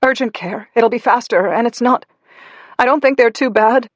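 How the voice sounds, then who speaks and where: A man voicing a panicked, burned mother in an audiobook thriller, speaking high and strained. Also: normal speed, no room sound. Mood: anxious. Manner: strained, pleading, raised pitch. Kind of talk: audiobook dialogue.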